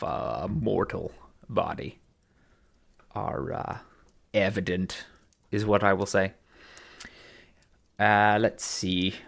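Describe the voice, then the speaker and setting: Male streamer with a low, gravelly voice, unhurried and halting, dry wit in a casual chat. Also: fairly bright tone. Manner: hesitant, many fillers, dry formal humor. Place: home room.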